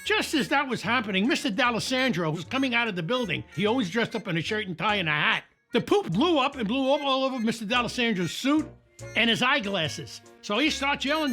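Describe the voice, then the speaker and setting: Old New man, lively anecdotal storyteller, high voice, soft music underneath. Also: fairly quick. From New York. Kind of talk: documentary interview.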